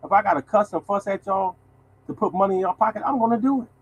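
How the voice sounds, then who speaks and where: A man's voice: high-pitched, quick pace, slightly rough, rough recording. Blunt older man talking to y'all. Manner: animated, blunt, swearing, addresses audience as y'all. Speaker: lottery show host. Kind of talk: casual monologue to viewers.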